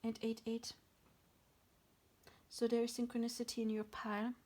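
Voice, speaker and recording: A woman doing a pick-a-card tarot reading, soft and halting, near tears and often dropping to a whisper. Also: fairly high pitch, completely flat delivery.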